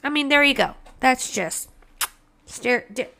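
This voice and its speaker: A woman's voice: high-pitched, expressive, unhurried, creaky, sharp tone. A woman hosting a casual solo podcast, profane and sarcastic, drawing out mocking quotes. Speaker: podcast host.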